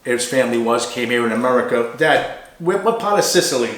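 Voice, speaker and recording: A man with a Boston accent hosting a casual interview show, chatty and animated. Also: medium pitch, fairly quick. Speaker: host. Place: barber shop. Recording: echoey barber shop.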